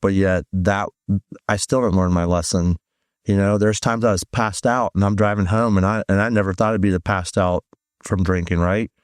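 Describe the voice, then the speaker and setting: Man, low voice, guest giving a rambling personal testimony, dry close sound. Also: moderate pace, no room sound. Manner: rambling, animated storytelling with many fillers. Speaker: guest sharing his testimony. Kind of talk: conversational testimony.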